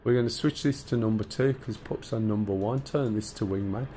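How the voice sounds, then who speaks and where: A man's voice: fairly low pitch, a little fast, dark tone, a little hiss or hum. A man with a Black Country accent, a streamer chatting casually with viewers and walking through cockpit start-up steps. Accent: Black Country English. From English Midlands. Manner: chatty, bantering with chat while explaining cockpit steps. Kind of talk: casual live-stream chat.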